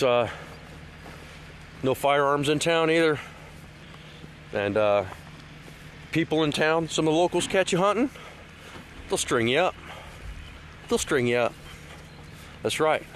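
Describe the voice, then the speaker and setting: A man's voice: on the high side, slow, pauses often, fairly bright tone, a little hiss or hum. A middle-aged man from Washington State rambling through a casual outdoor vlog by a lake, with lots of restarts and fillers, and getting emphatic when he scolds. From Washington State, USA. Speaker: vlogger. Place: outdoors at a lakeside park.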